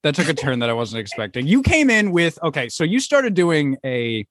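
Excitable stammering man, lively pitch. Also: moderate pace, dry recording, clean studio sound. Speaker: podcast co-host. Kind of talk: casual chat.

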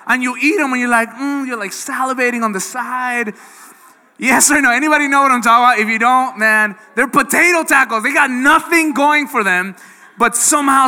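A man preaching with a high, very bright and forceful voice. He talks in a lively, conversational way and keeps turning to the crowd with questions. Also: big-room sound. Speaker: pastor. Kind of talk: sermon.

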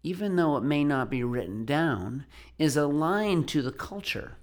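A man hosting an education podcast, talking in a measured, reflective way. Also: a little high, expressive. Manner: measured, reflective, thanks the guest at length. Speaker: podcast host. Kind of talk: podcast interview.

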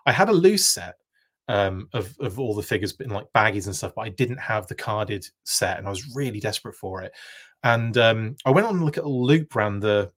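A man with a British accent hosting a live stream, telling a long rambling anecdote full of tangents. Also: medium pitch. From United Kingdom. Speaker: live show host. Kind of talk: casual live-stream chat.

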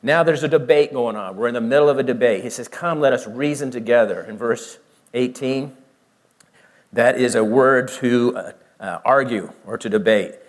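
In a verse-by-verse Bible teaching, a man with a mid-range voice explains slowly, asks his listeners questions, and voices both sides of the argument.

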